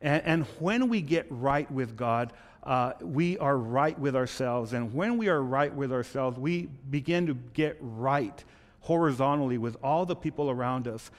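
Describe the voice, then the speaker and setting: A male pastor preaching a sermon and telling a joke in an animated storytelling manner. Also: medium pitch, a little slow, in a large hall. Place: church.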